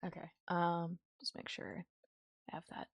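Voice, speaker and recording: A young woman streamer chatting casually with her viewers while she draws, easily excited and quick to laugh. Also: on the low side, noisy background. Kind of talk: casual livestream chat while drawing.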